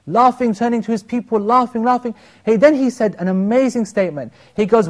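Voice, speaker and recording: A man teaching an Islamic lesson, retelling a story with animated restarts and Arabic phrases. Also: extremely high pitch, brisk.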